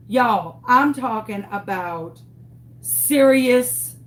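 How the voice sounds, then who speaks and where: A woman's voice: a little high, slow pace, fairly bright tone. A young woman telling a story in a casual, dramatic way, acting out the voices of the people in it. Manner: dramatic, exaggerated retelling with quoted voices. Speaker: craft vlogger.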